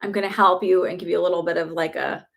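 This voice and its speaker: A woman's voice: fairly low pitch, fairly even intonation, fast talker, creaky. A young woman giving live psychic readings in a chatty, reassuring way, full of filler words. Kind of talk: casual livestream reading.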